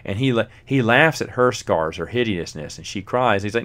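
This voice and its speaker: A man's voice: on the low side, lively intonation, moderate pace, hardly any pauses, fairly bright tone. A man hosting a solo podcast, chatting casually about a book, rambling with lots of fillers and chuckling often. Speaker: podcast host reviewing a book.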